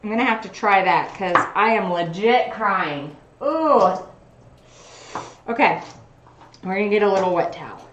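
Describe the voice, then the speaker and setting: A woman's voice: medium pitch, animated, measured pace, long pauses, roomy sound, muffled recording, background noise. A woman chatting casually on a cooking livestream, narrating what she does as she chops in her home kitchen. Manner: chatty, talks while chopping, self-narrating. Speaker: cooking streamer.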